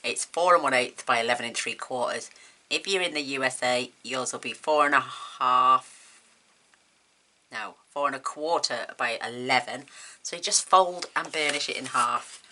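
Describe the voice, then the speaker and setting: A woman hosting a card-making tutorial at home, chatting casually and thinking aloud as she works, with quick laughs. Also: rumbling low, pushed and bright. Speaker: craft tutorial host. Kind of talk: casual demonstration chat.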